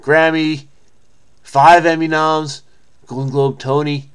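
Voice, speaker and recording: A man hosting a crossword video, reading an article aloud and breaking in with excitable exclamations and asides. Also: a little high, slow, clear, resonant tone. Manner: excitable, interrupting himself with exclamations; reads an article aloud, then reacts. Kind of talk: reading aloud with running commentary.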